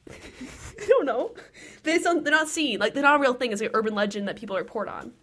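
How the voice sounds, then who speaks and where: Young woman, podcast co-host, bubbly, giggly, slightly high voice. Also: expressive, very fast, sharp tone. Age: young adult. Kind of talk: casual chat.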